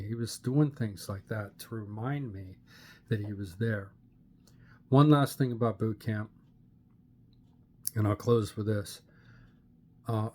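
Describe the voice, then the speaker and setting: An older man from Pittsburgh, Pennsylvania, telling his personal faith story to a camera in an earnest, plain-spoken way with many "uh" pauses. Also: medium pitch, a little mellow. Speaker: channel host sharing his testimony. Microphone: camera facing the speaker.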